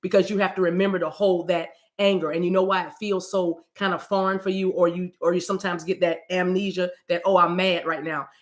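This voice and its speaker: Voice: medium pitch, level tone, fairly quick, hardly any pauses. A rambling spiritual card reader. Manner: rambling, repeats words and restarts often; quotes scripture loosely. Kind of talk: casual spiritual message, card reading.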